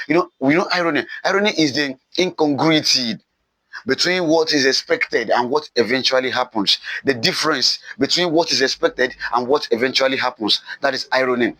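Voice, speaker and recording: A man's voice: medium pitch, normal speed, pushed and bright, no echo, rough recording. A man teaching a recorded literature lesson, repeating key points with emphasis and answering his own questions. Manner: repetitive, emphatic, asks questions and answers them himself.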